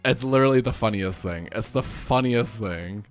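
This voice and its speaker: Lively New Zealand man chatting on stream. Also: moderate pace. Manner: animated storyteller, laughs often, jumps up in pitch when excited. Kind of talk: casual chat. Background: faint music.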